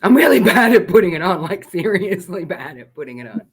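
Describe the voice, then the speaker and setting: A woman co-hosting a casual live chat, playful and quick to laugh, with a husky voice. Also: lowish voice, sing-song.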